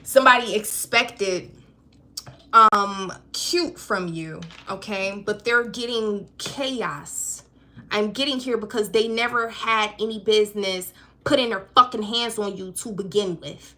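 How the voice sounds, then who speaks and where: A woman reads for her viewers on a live stream. Her voice has a bright, sharp edge. She talks in a blunt, swearing, conversational way that hammers each point home, at a middle pitch. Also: unhurried. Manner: emphatic, profane, conversational. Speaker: intuitive card reader. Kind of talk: live-streamed spiritual reading.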